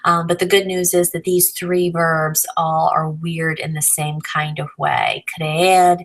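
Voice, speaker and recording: A woman with a low voice and a gravelly edge gives a recorded lesson. She explains grammar patiently, step by step, and spells out letters along the way. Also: steady tone, unhurried, hardly any pauses, low-quality recording. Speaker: Spanish teacher.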